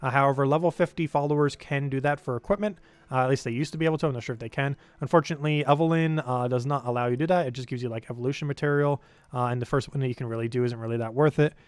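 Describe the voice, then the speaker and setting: A man's voice: mid-range voice, fairly even intonation, racing, clear, resonant tone, no room sound. A young man live-streaming a game, giving casual, rambling commentary full of filler words.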